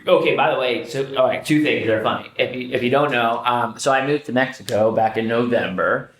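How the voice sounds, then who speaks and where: A man co-hosting a podcast, telling stories in casual chat, animated, swearing, often restarting his sentences. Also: medium pitch, fairly quick. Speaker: podcast co-host. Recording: roomy echo.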